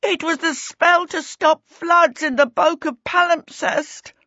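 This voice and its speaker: A woman's voice: mid-range voice, expressive, a little slow, husky, no room sound, highs cut off. A woman voicing a flustered, clumsy young boy wizard who wails when things go wrong, in a storybook reading. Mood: panicked. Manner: wailing, flustered.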